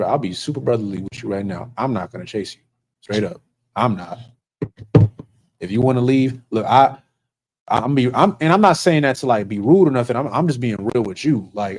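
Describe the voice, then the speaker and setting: A man's voice: medium pitch, a little mellow, breathy edge, poor audio. A man who serves as an officer of a religious group, telling stories in a casual, earnest way. He rambles and restarts often. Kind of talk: casual storytelling.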